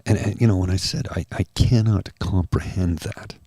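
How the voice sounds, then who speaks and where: Super deep husky guy doing a soft asmr chat stream, slow and heartfelt, dry close mic. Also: fairly even intonation, dry recording. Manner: slow, earnest and heartfelt, addressing viewers by name. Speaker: livestream host.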